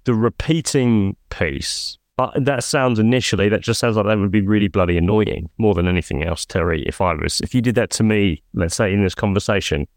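A male podcast host asks probing follow-up questions, thinking aloud and restarting his phrasing as he goes. His voice is low and sounds close and dry. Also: fairly quick, few pauses, no room sound. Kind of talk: interview questions.

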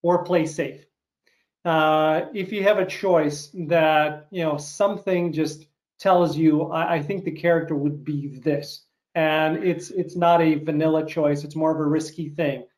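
A man's voice: fairly high pitch, steady tone, unhurried, a little mellow, reverberant. A man interviewing a casting director over a video call, polite and affirming with hesitant fillers.

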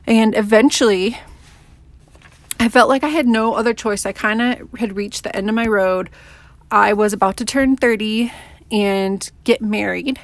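A woman's voice: mid-range voice, a little slow, dry recording. A woman in her thirties hosting her own podcast, telling her personal story in a candid, conversational way with frequent fillers. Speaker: podcast host.

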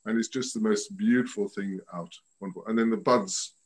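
Male guest, fairly low voice, meandering hesitant talker on a home video call. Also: fairly even intonation, a little fast, low-quality recording. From France. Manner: rambling, hesitant, restarts often. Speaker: guest rose expert. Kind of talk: casual chat over video call. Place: at home by a window.

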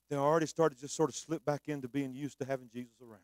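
A man preaching a sermon, shouting fervently at times and dropping to hushed storytelling. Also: fairly high pitch, little pitch movement, fast talker, hardly any pauses, clean tone, no room sound.

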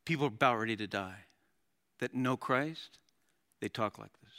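A middle-aged male pastor preaching a sermon, animated, with dramatic readings and laughs. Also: medium pitch, moderate pace.

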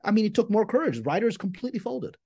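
A man being interviewed as a screenwriter guest, talking in an animated, emphatic way with quick restarts. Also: high-pitched, gravelly, slightly rough, dry recording. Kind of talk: conversational interview.

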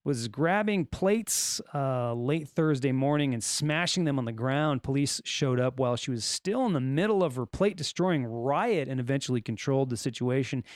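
A man's voice: mid-range voice, expressive, normal speed, hardly any pauses, no room sound, clean studio sound. A man with a Californian accent hosting a solo podcast, reading odd news stories and tossing in joking asides. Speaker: podcast host.

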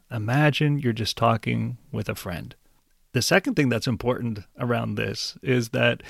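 Male test-prep tutor, encouraging and direct, with a gravelly edge in a dry room. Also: medium pitch, dry recording. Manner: patient, encouraging, speaks straight to the viewer with questions. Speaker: language test teacher. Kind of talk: instructional explainer.

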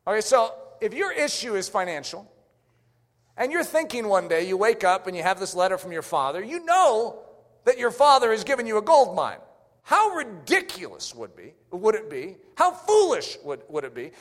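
A male preacher with a high, very lively voice delivers an emphatic sermon and hammers home his rhetorical questions. A long hall reverb trails after each phrase, as in a church sanctuary.

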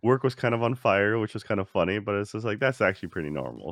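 A man's voice: on the low side, expressive, quick pace, creaky, no room sound. A man co-hosting a podcast over a call, laid-back, with a dry, wry humor. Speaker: podcast co-host. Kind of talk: casual podcast chat. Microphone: remote call mic.

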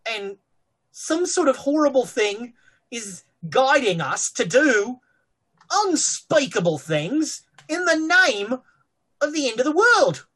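A woman's voice: high-pitched, sing-song, slow pace, fairly bright tone, voice pushed up, exaggerated voice. A woman voicing a male sorcerer who rambles casually and is nonchalant about gore. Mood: musing.

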